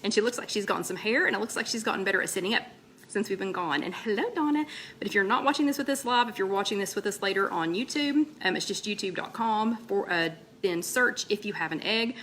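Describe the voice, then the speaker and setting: Speaking fast into a laptop mic, the host of a weight-loss chat livestream drifts between stories and stops mid-sentence to greet viewers by name. Her mid-range voice is bright, ringing and lilting, and a faint room hiss sits underneath.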